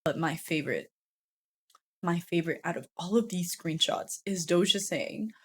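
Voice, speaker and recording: A woman's voice: fairly low pitch, normal speed, fairly bright tone, breathy edge. A woman YouTube commentator giving casual, chatty commentary, swearing freely and laughing often.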